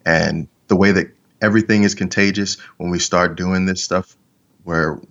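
A man's voice: deep voice, steady tone, normal speed, a bit bright, lo-fi sound. A man interviewed as a podcast guest, telling a story in an earnest, reflective way with trailing restarts.

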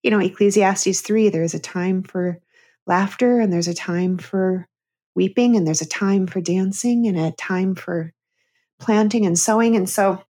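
A woman's voice: mid-range voice, steady tone, unhurried, mellow. A middle-aged woman, a therapist and comedian, telling a candid personal story as a guest on an interview show. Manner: earnest, candid storyteller who breaks into laughter.

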